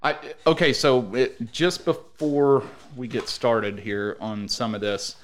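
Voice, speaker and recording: Texan guy co-hosting a podcast, easygoing, jokey, mid-pitched voice. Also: steady tone, takes it slowly. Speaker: podcast co-host. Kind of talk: casual chat.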